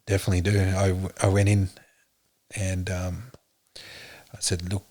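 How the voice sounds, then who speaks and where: A man, a podcast guest, telling his story in an earnest, halting way with many fillers. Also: deep voice, completely flat delivery, a little mellow. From Australia. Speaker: podcast guest, police officer. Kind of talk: casual interview talk.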